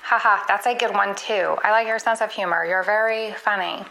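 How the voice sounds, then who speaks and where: A woman's voice playing an earnest, literal chatbot assistant in a comedy skit, polite and quick to apologize. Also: mid-range voice, fairly even intonation, creaky, bright, forceful tone, low-quality recording.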